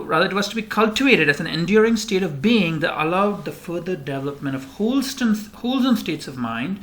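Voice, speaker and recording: A man's voice: high voice, fairly bright tone. A man giving a recorded slide lecture, rambling with many fillers and restarts.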